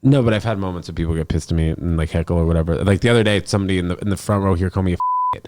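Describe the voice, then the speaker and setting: A man's voice: low voice, huge pitch swings, very fast. A young man hosting a podcast, telling stories in a rambling, casual way with lots of fillers and acted-out quotes. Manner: rambling, filler-heavy storytelling with voiced-up quotes. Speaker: podcast host.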